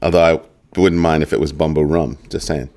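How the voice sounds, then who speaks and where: A man's voice: extremely low pitch, steady tone, brisk, darkish tone. A man hosting a crypto news livestream in a casual commentary style. He banters jokingly with viewers in the chat and keeps repeating the catchphrase "just saying.".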